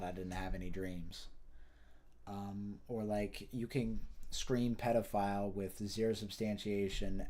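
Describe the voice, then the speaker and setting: A man's voice: on the low side, dark tone. A man giving a casual news commentary rant, rambling and profane with frequent restarts. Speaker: political commentator.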